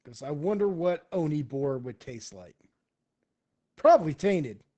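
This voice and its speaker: A man voicing a big, friendly male panda-man mercenary who talks loudly and excitably with laid-back slang. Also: fairly high pitch, a little slow. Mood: chatty.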